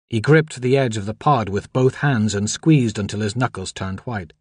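A man narrating a novel in a measured, even storytelling manner. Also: fairly low pitch, breathy edge, dry recording, clean studio sound. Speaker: audiobook narrator. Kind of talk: scripted narration.

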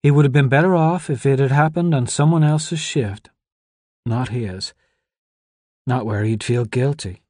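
A man reading aloud who voices a tearful young woman grieving a mentor, speaking softly with a lifted pitch. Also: unhurried, dry recording, studio quality, lightly acted.

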